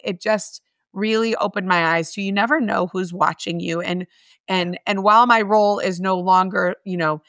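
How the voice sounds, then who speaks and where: Earnest woman, smooth close voice. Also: mid-range voice, steady tone, normal speed, fairly bright tone, dry recording. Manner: earnest, heartfelt, with many restarts. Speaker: guest, homeless mission staff. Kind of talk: conversational interview.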